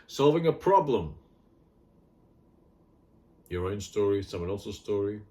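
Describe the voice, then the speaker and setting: A man's voice: on the low side, big pitch swings, unhurried, warm tone. A middle-aged man with an Australian accent, talking in a rambling, blunt and wry casual monologue full of fillers. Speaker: health vlogger.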